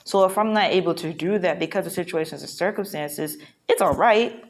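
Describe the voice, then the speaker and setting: Low-voiced woman vlogging, rambling and frank. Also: brisk. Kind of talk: casual reflective monologue. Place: hotel room.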